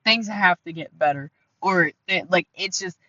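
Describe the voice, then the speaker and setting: Male vlog host, Ohio accent, nasal, forceful bright tone, earnest and rambling, dry close sound. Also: high-pitched, moderate pace, no echo, dull audio. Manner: rambling, many fillers and restarts, earnest. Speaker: commentary channel host. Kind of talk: casual commentary vlog.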